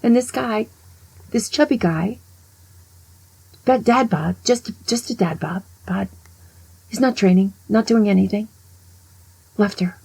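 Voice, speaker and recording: An older woman past sixty-five tells a story in a rough, gravelly voice with a very husky, breathy edge. Her tone is mellow and dark. She talks with animation and turns hushed whenever she quotes someone. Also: mid-range voice, measured pace, pauses often, rough recording. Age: over 65. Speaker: vlogger. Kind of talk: storytelling monologue.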